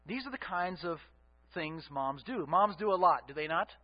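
High-voiced pastor with a dull, lo-fi sound. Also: male voice, animated, moderate pace, husky. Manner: conversational, asks the congregation for answers. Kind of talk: sermon.

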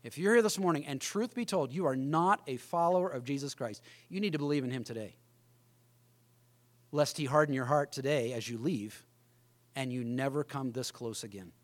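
A man's voice: mid-range voice, normal speed. A middle-aged man preaching a sermon as pastor, emphatic, often acting out the voices of others.

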